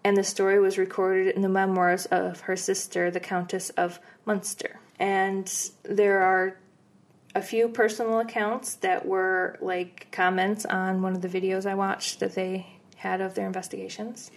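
A woman's voice: mid-range voice, a little slow. Casual woman telling ghost stories. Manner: relaxed, rambling with fillers and laughs. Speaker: podcast co-host. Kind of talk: casual storytelling chat.

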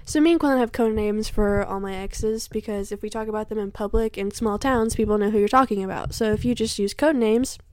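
A woman, telling a dating story in casual podcast chat, animated and laughing often. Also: mid-range voice, fairly quick, hardly any pauses, no room sound. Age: 20s. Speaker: podcast co-host.

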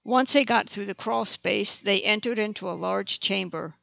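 Gravelly, dry audiobook narrator. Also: mid-range voice, moderate pace, hardly any pauses, bright, forceful tone, dry recording. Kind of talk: scripted narration.

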